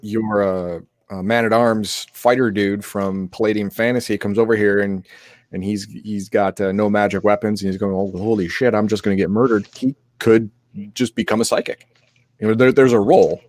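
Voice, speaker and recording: A man's voice: on the low side, steady tone, moderate pace, a little mellow, no room sound. A sick man co-hosting an RPG stream, explaining game rules in a rambling way with many restarts. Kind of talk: casual chat.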